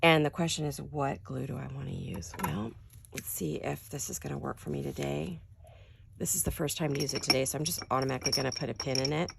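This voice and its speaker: An older woman speaks in a deep, raspy, gravelly voice, quiet and friendly, as if it is early morning. She chats casually to her viewers while crafting in her home studio, and a faint hiss sits under the recording. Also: fast. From California. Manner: quiet, chatty, addresses viewers directly. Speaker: crafting channel host.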